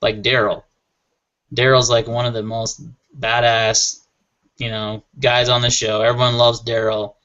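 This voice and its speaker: Man, casual panel chat, enthusiastic, rambling, average pitch, dull lo-fi sound. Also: level tone, a little slow, fairly bright tone. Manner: rambling, enthusiastic, laughs often. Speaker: panel member on a gear chat show. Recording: muffled lo-fi audio.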